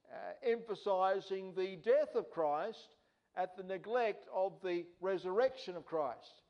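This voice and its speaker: A man's voice: high voice, darkish tone, dull audio. A man preaching a sermon, earnest and emphatic, repeating key words for stress.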